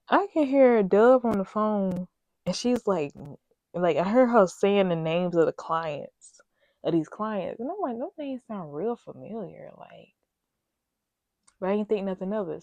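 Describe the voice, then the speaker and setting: A woman's voice: medium pitch, slow pace, long pauses, darkish tone, dry recording, lo-fi sound. A woman in her thirties telling a work story in a candid, rambling, emphatic way, talking straight to her viewers. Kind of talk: casual storytime chat.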